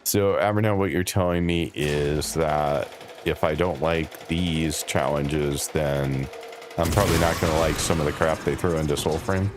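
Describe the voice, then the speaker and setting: Deep-voiced man streaming a game. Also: measured pace, background noise. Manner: relaxed, chatty, talks to chat by name. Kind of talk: casual live-stream chat while playing.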